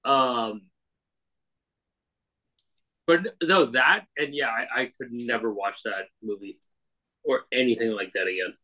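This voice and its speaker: Bright-voiced man, sarcastic and swearing. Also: mid-range voice, a little slow, long pauses, rough recording. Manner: sarcastic, profane, exclamatory. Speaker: podcast co-host. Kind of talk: casual podcast chat.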